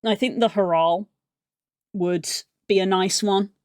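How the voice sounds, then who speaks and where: An excitable woman chats loosely on a live art stream, drifting from one tangent to the next in an ordinary mid-height voice. She sits in a room at home, and her voice comes through dry and close with no room echo. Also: medium pitch, unhurried. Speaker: livestreamer.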